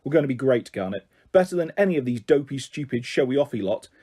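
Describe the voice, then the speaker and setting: A man's voice: mid-range voice, expressive, quick pace, warm tone, breathy edge. A man reading aloud, voicing a pushy, relentless young girl who bosses her twin sister. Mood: bossy. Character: bossy determined girl twin Ruby.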